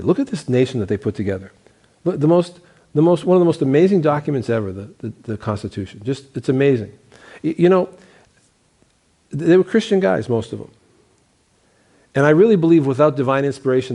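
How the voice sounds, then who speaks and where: A middle-aged pastor teaching a class in an emphatic sermon style. He drives his points home with repeated phrases and rhetorical questions, often stumbling into restarts. His voice is mellow and dark, at an ordinary male pitch. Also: very animated, quick pace, pauses often.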